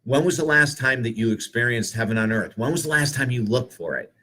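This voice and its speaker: A man who is an author and speaker, telling spiritual stories to live viewers in an earnest, animated way, full of rhetorical questions. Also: medium pitch, fairly quick.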